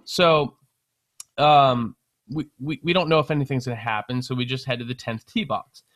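A young man casually telling a long story on a podcast, animated, swearing and laughing as he goes. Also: mid-range voice, normal speed, no echo. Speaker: podcast co-host.

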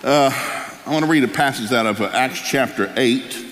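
A man's voice: medium pitch, normal speed. A man, preaching a sermon as pastor and telling a folksy story. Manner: folksy, animated storyteller acting out voices. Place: church sanctuary. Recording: live church hall with long reverb.

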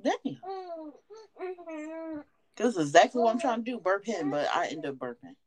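A woman's voice: medium pitch, normal speed, a crowd in the background. A woman co-hosting a podcast in casual chat, laughing often as she tells stories. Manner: laughs often, animated storytelling. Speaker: podcast co-host.

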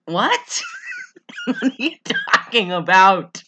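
A woman's voice: mid-range voice, wildly swooping pitch, takes it slowly, noisy background. A woman co-hosting a casual podcast, sarcastic and profane, often exasperated and laughing. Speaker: podcast co-host. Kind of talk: casual movie-recap podcast chat.

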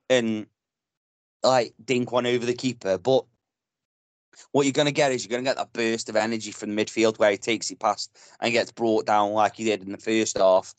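A man's voice: mid-range voice, no room sound. A man from the Potteries, co-hosting a casual football podcast and giving his blunt, passionate verdict on the players with plenty of swearing. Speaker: podcast co-host.

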